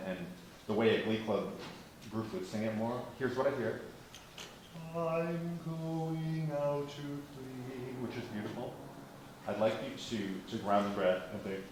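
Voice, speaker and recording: Echoey male choir coach. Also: fairly low pitch. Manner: demonstrates phrases by singing them, encouraging. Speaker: vocal coach. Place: large rehearsal hall. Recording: echoey rehearsal hall, faint noise.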